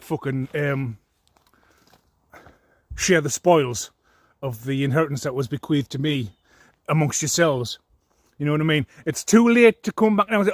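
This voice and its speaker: A man's voice: a little high, no room sound, studio quality. A man in an angry, profane monologue, mocking his critics and laughing at them.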